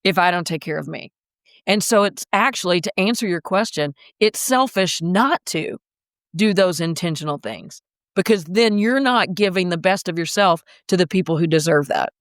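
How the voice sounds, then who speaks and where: A woman's voice: lowish voice, animated, normal speed, dry recording, clean studio sound. A woman coach, a podcast guest, telling a personal story in a vivid, dramatic way.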